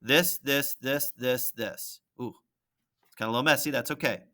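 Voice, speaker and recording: A math teacher walking through a graphing problem on screen, thinking aloud and checking in with "right?" and "okay?". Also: male voice, mid-range voice, moderate pace, pushed and bright. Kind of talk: screen-recorded lesson walkthrough.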